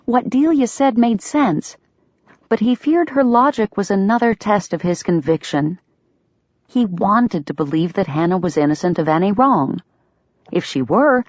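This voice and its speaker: A woman narrating an audiobook in an expressive storytelling manner. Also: mid-range voice, normal speed, no echo. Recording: dull, dry lo-fi sound.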